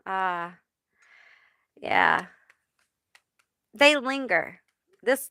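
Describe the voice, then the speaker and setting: A woman medium speaks slowly and hesitantly, often stopping to ask "okay?". Her voice is bright and smooth, recorded dry and close. She reassures listeners as she relays spirit messages. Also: medium pitch, dry recording. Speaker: tarot reader and medium. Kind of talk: channeling spirit messages live.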